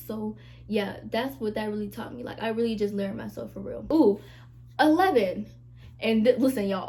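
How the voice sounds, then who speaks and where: A woman's voice: a little high, mellow. A young woman vlogger talking casually and emphatically to her camera, with plenty of asides to her viewers. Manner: chatty, emphatic, many "like" and "y'all" asides. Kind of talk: casual confessional chat to camera.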